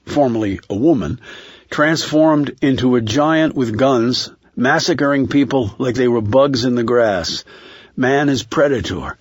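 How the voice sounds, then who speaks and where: A man narrating a thriller audiobook in a measured, steady reading. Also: mid-range voice, husky, no echo.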